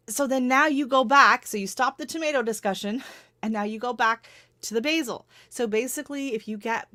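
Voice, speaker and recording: A woman's voice: a little high, a little fast, bright, forceful tone. A middle-aged woman hosting a livestream, giving casual advice in a rambling, chatty way with frequent laughs and self-corrections. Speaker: livestream host.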